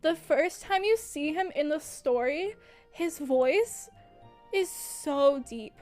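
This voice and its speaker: A young woman with a high, bright-sounding voice talks slowly and gushingly on a livestream, breaking into giggles mid-sentence. Faint music plays softly behind her. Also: lively intonation. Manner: gushing, filler-heavy. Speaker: streamer. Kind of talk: casual livestream chat.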